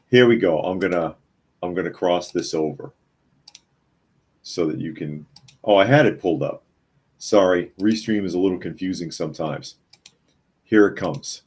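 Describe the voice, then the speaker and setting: Deep-voiced man mocking the news. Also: measured pace, long pauses, darkish tone, husky. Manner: mocking, chuckling while reading chat comments. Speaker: podcast host. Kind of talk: live-stream news commentary.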